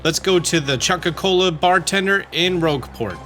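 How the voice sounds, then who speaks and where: Bright-voiced man narrating a game walkthrough. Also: high-pitched, expressive, moderate pace. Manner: chatty, reads game dialogue aloud in his own voice. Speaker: let's play host. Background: faint game music.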